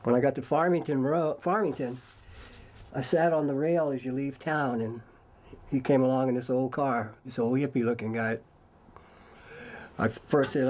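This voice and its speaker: A man telling a story in an interview, relaxed and rambling, laughing at his own tale. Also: mid-range voice, moderate pace, long pauses, rough recording.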